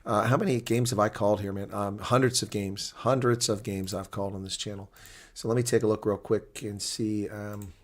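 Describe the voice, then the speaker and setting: A man's voice: fairly low pitch, fairly even intonation, brisk. A man chatting casually on a live stream, rambling between viewer comments and rugby talk.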